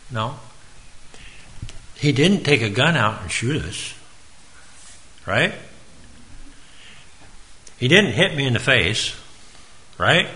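A man's voice: mid-range voice, big pitch swings, takes it slowly, pauses often, bright, forceful tone, low-quality recording. A man giving an informal, earnest sermon in a folksy way, now and then calling on listeners by name. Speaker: preacher.

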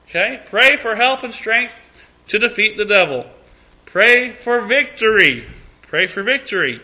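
Bright, high-voiced man teaching Bible study. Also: expressive, unhurried. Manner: earnest, repeats key phrases, acts out prayers.

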